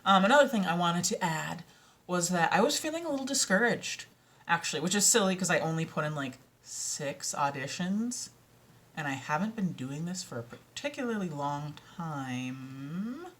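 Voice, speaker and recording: A woman with a Minnesotan accent talks casually to camera in a rambling, self-doubting way, her low voice often sinking to a whisper. She sounds tired. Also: animated, normal speed, fairly bright tone. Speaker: vlogger and audiobook narrator. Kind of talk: casual vlog chat.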